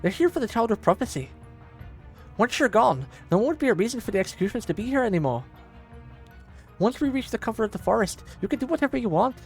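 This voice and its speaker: A man voicing a gruff, protective old blacksmith who talks brusquely and urgently. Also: sits high, sing-song, quick pace, faint music behind, pitched above the performer's own voice. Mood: stern.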